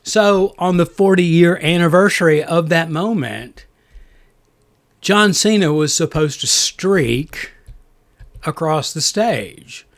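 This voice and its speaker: This movie review podcast co-host has a slightly high voice and takes things slowly. He rambles in a casual way, restarting often and using plenty of fillers.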